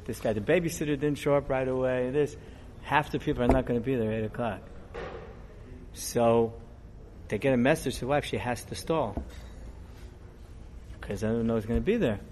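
Conversational middle-aged rabbi telling stories. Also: male voice, mid-range voice, moderate pace, pauses often, slight background noise. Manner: conversational, digressive, animated when telling the story. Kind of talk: storytelling sermon.

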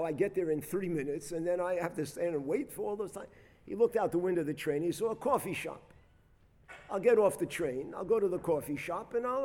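A man preaching as a rabbi, telling a story with dramatic swings between loud bursts and soft, quiet reflection. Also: a little high. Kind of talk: sermon storytelling. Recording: long hall reverb.

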